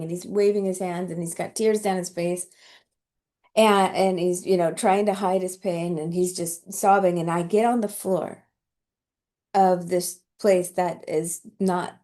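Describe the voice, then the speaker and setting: A woman's voice: medium pitch, fairly even intonation, measured pace, pauses often, dark tone. A woman host telling a heartfelt personal story in an emotional, tearful way, often laughing as she talks.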